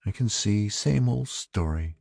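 A man's voice: fairly low pitch, animated, a little slow, gravelly, a little mellow, dry recording, pitched above the performer's own voice, full character voice. A man voicing a weary, coaxing middle-aged wife and mother in a storybook reading.

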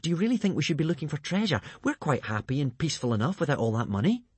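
A man's voice: on the high side, sing-song, rapid-fire, husky, dry recording, voice pushed up. A man doing a timid worried Viking boy. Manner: anxious, wry, muttering.

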